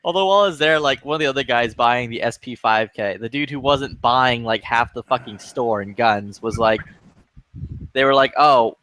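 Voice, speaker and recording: Recorded dry, a man with a mid-range voice gives a lively, swear-filled account in casual conversation, quoting and imitating everyone involved. He's one of the lobby chat regulars.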